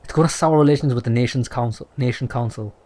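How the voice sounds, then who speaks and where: A man's voice: medium pitch, fast talker, dark tone. Young guy rattling through a game, swearing a lot, blunt and dismissive. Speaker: gaming YouTuber. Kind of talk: let's play commentary, reading game text aloud.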